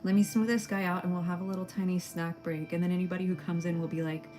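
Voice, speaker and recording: A young woman streamer with a somewhat low voice talks casually to her chat, bubbly and quick to giggle. Faint game music plays softly in the background. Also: level tone. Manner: bubbly, giggly, chatting to viewers. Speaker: livestreamer.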